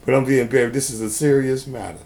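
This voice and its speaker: A man talking to the camera in a homemade video, preachy and sarcastic, often rising to loud outbursts. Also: medium pitch, fairly even intonation, fast, vocal fry. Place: indoors at home.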